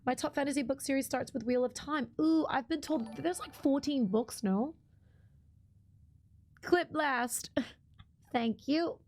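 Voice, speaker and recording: A woman's voice: high voice, takes it slowly, long pauses, darkish tone. A woman streamer giving casual live gameplay commentary, chatty and greeting her chat with plenty of ums.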